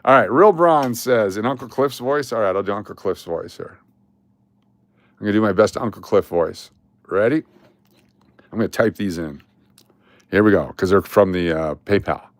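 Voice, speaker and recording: A man's voice: lowish voice, moderate pace, long pauses, no echo. Man, live-stream host, casual rambling chat, exasperated rants, dry close sound.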